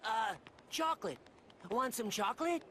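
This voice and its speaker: An actor voicing a small, caring male creature sidekick in a video game, speaking softly and hesitantly. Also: very high voice, expressive, moderate pace, slight background noise, exaggerated voice. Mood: comforting. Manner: soft, comforting, hesitant.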